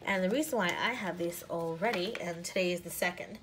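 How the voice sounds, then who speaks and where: Gushing woman with a low voice. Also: a little fast, a little hiss or hum. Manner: gushing, drifts into soft half-whispers. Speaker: planner sticker shop owner and vlogger. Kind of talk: casual haul show-and-tell.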